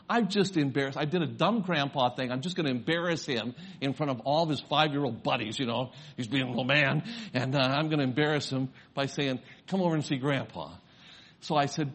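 A man's voice: a little high, lively intonation, brisk, breathy edge. An older man, a grandfather and pastor, preaching a sermon, telling a personal story and rising to fervent preaching.

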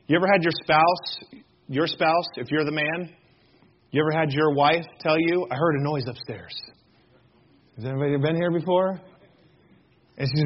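Husky, high-pitched male pastor, animated and jokey, quizzing the congregation, dull lo-fi sound. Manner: jokey, animated storytelling with acted-out voices; addresses congregation directly with questions. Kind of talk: sermon.

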